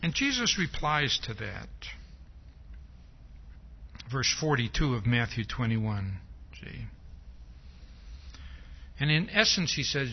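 A man's voice: medium pitch, very animated, slow, pauses often, husky. A man preaching a sermon, stressing his points with a repeated "see?" and acting out quoted lines. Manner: frequent rhetorical "see?"; emphatic, acts out quoted speech. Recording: dull lo-fi recording.

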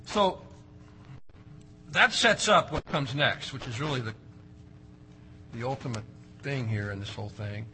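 A male pastor preaching a sermon, swinging between loud emphatic phrases and quiet asides. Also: mid-range voice, measured pace, pauses often, faint music behind, poor audio.

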